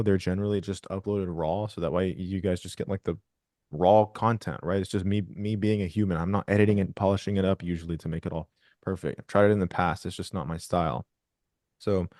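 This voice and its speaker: A man with a low, mellow voice hosts a group video call. He talks in a loose, rambling way, swears freely and restarts his sentences often. The sound is close and dry. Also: no room sound. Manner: rambling, profane, frequent restarts. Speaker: host of a trading group call.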